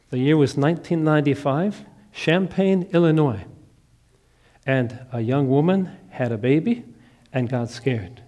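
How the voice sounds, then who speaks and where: A middle-aged man from the American Upper Midwest preaching a sermon as a personal story, dropping to a hush and then rising to emphatic lines. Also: a little high, unhurried. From Upper Midwest of the United States. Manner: dramatic storytelling, swinging from hushed to emphatic. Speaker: pastor.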